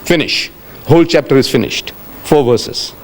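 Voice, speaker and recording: Animated man giving a lecture. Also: moderate pace, a little hiss or hum. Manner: animated storytelling, acting out quotes with sharp pitch jumps; addresses audience directly, rhetorical questions. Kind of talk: religious lecture.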